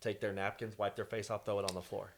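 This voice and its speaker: Chill guy, kinda low voice, jokey podcast chat. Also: level tone, quick pace, gravelly, a crowd in the background. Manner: laid-back, joking, laughs often. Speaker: podcast guest. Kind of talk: casual chat.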